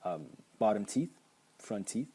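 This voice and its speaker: A man's voice: fairly low pitch, big pitch swings, measured pace, mellow, husky. A man teaching pronunciation at a whiteboard, patiently repeating sounds for the learner. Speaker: language teacher.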